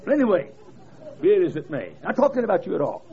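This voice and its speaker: Revival preacher, male, high raspy voice, impassioned storytelling, dull lo-fi church PA tape. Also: huge pitch swings, quick pace, some chatter behind. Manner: storytelling preacher, rising to impassioned shouted cries. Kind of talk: fiery revival sermon. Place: church service. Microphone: PA microphone.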